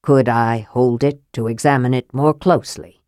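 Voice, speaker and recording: A woman voicing a frail, sly male mage in an audiobook, with a soft, low, reproachful murmur. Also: fairly even intonation, normal speed, no echo, studio quality. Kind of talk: audiobook character voice.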